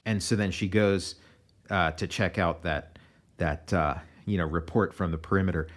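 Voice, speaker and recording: An American comic artist giving a relaxed, meandering commentary on his own pages, often restarting his sentences. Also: sits low, normal speed. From United States.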